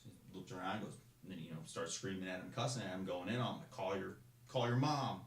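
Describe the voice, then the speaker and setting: A young man tells his stories in a loose, rambling way, restarting his sentences as he goes. He talks quickly in a lowish voice. The room around him is noticeably echoey. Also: slight background noise. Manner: rambling, with restarts and acted-out shouted quotes. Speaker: guest. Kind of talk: casual storytelling.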